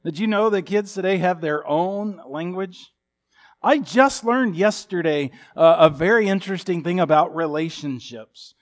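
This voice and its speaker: A man's voice: high-pitched, normal speed. A man in his fifties preaching a sermon in a folksy, humorous storytelling manner. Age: 50s. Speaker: pastor.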